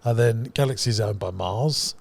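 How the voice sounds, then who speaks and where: A man hosting a podcast, chatty and quick to joke. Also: on the low side, vocal fry, a little mellow, no echo. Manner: chatty, laughs at his own jokes. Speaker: podcast host. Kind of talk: casual podcast banter.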